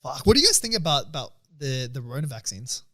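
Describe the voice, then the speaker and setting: A young Australian man co-hosting a podcast, asking excitable questions and telling stories into a studio microphone. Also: mid-range voice, quick pace. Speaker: podcast co-host. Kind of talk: casual chat.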